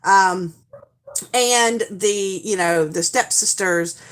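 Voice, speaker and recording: A woman chats at an unhurried, drawn-out pace, her pitch sitting in a middle register. She rambles through stories with plenty of fillers and often mimics other people's voices mid-telling. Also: fairly bright tone. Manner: rambling, chatty, full of fillers. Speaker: live-stream host. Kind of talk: casual chat.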